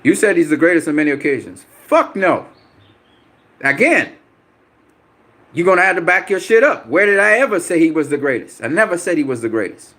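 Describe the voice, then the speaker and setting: Combative, animated man ranting about boxing. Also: a little high, fairly quick. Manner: combative, profane, repeats himself for emphasis. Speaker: boxing channel host. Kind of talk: live-stream chat replying to viewer comments.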